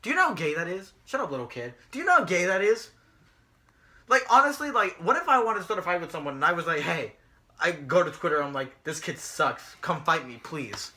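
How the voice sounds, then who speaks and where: Bright, lively young man ranting. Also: high voice, quick pace. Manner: profane, ranting, mocking. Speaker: podcast co-host. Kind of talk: casual ranting chat.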